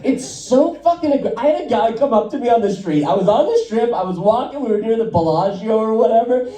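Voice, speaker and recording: Stand-up comic, dark mellow voice, lively swooping delivery, roomy stage sound from a distant mic. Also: mid-range voice, a little fast. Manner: loose, profane storytelling, laughing at own jokes. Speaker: stand-up comedian. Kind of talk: stand-up set at an open mic. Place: live comedy club stage.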